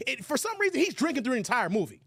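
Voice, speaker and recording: A man hosting a live stream in a casual commentary style, reading out viewer chat and reacting loudly. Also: very high-pitched, racing, breathy edge, dry recording. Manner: animated, exclamatory, reads viewer chat aloud.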